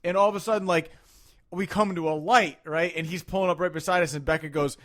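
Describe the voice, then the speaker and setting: A man's voice: high-pitched, steady tone, quick pace, a bit bright. A man hosting a casual podcast, telling a road-rage story with a lot of swearing and heated reenactments of what he said. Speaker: podcast host.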